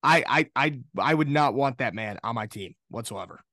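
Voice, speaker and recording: A man's voice: medium pitch, animated, normal speed, bright, forceful tone, no room sound, studio quality. A young man co-hosting a casual sports podcast, blunt and dismissive, swearing as he talks. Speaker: podcast co-host.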